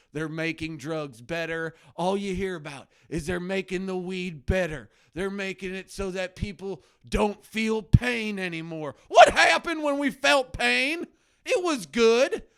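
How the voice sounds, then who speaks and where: A man's voice: high voice, vocal fry, smooth, no echo, clean studio sound, heavily acted. Man playing a ranting anti-drug crusader doctor. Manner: ranting, swings from muttering to shouting. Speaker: comedy show host. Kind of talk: satirical character live stream. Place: home basement.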